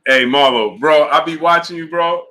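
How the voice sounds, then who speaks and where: Animated, bright-voiced man hosting a live stream. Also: fairly high pitch, normal speed. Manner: animated, talks to chat viewers by name. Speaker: sports live-stream host. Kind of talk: casual live-stream commentary.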